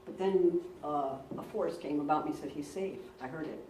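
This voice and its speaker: A woman's voice: sits low, fairly quick, warm tone, a little hiss or hum. Distant woman preaching in an echoey church. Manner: earnest storyteller, repeats words for emphasis. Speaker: pastor. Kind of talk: sermon with personal stories. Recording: roomy church, recorded from a distance.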